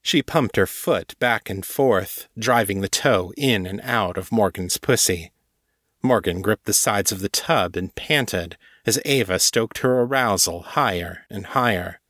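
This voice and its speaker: Low-voiced man reading fiction aloud. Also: a little slow, fairly bright tone, dry recording, studio quality. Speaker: narrator and author. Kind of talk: audiobook-style fiction reading.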